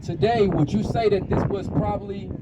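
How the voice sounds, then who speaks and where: A man's voice: high-pitched, moderate pace, very noisy. A man hosting a youth football show, interviewing players and coaches outdoors at a field with upbeat, punchy promoter's hype. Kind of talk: sideline interview after a game.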